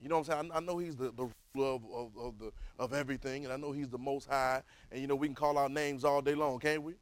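A man, teaching a Bible class in a preaching style, calling for responses and swinging from soft to loud. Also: medium pitch, steady tone, fast, no room sound, poor audio.

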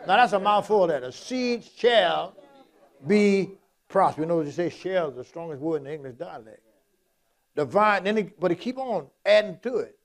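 A man's voice: sits high, lively intonation, fairly quick. A man preaching a sermon in a folksy, repetitive, emphatic way, quoting Scripture.

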